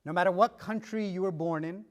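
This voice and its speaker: A man's voice: high voice, brisk. A middle-aged man preaching, telling stories and acting out dialogue with shifts of pace and volume. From United States. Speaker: pastor. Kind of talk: sermon.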